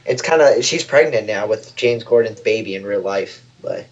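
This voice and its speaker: A man's voice: lowish voice, lively intonation, moderate pace. Brief: man co-host, rambling, filler-heavy casual chat, dull lo-fi recording. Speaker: podcast co-host.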